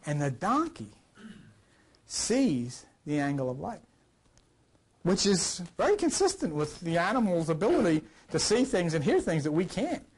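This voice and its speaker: An older man teaching a scripture class in a rambling, conversational way, his voice a little rough from a recent cough and swinging between loud and quiet. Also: sing-song, measured pace. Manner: rambling, conversational, with wide swings in pitch and loudness. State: recovering from a cough. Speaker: lecturer.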